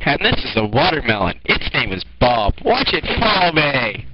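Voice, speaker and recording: A man's voice: on the high side, huge pitch swings, moderate pace, creaky. A man hosting improvised, goofy game commentary, rambling along and breaking into shrieky outbursts with mild swearing. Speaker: host and player. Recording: muffled lo-fi mic with faint hiss.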